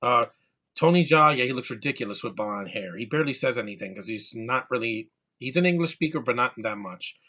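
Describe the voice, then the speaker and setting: Bright-voiced man ranting about a movie. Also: mid-range voice, lively intonation, a little fast. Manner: exasperated, ranting, repeats words and restarts. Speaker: movie reviewer. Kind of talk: casual movie rant.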